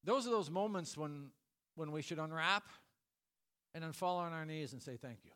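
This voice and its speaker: Middle-aged male pastor, high voice, humorous sermon with acted-out character voices. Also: normal speed, a bit bright, smooth.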